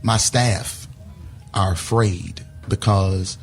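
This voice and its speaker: A middle-aged man, a bishop, answering interview questions in a measured, conciliatory way. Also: low-pitched, steady tone, creaky, breathy edge, soft background music. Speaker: bishop and pastor.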